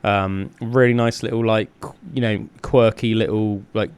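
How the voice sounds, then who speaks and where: A man's voice: lowish voice, steady tone, normal speed, clear, resonant tone. A man from the South West of England, co-hosting a podcast in casual, rambling, enthusiastic chat full of fillers. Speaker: podcast co-host.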